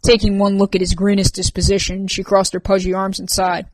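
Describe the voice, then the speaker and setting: A woman reads an audiobook chapter in an even, steady voice. Her pitch sits in the middle range. The recording is dry, with no room sound. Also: a little fast, no room sound. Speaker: audiobook narrator. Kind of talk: audiobook narration.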